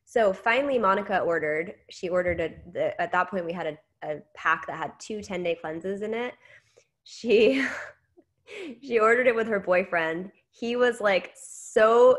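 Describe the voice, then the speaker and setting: A woman in her thirties giving a casual training talk, telling a story with lively quoted dialogue. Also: medium pitch, moderate pace. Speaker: network marketing trainer.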